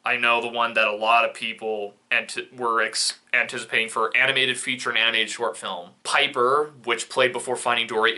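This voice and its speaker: A young man talking through film award results in a casual commentary. His voice is very bright and forward, and he drops sarcastic, opinionated remarks as he goes. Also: fairly low pitch. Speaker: film reviewer.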